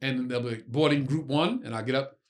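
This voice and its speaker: A man, a comedian co-hosting a podcast, telling a profane story in lively casual chat and acting out both sides of exchanges. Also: mid-range voice, fairly quick. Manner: animated, acts out exchanges, profane. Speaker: podcast co-host.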